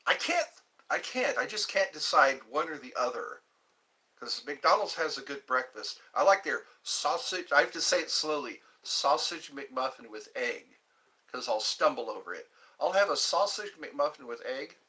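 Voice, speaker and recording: Animated, high-voiced man hosting a livestream. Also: normal speed. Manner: chatty, rambling, animated, with pitch leaps when greeting viewers. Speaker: livestream host. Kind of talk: casual livestream chat reading viewer comments.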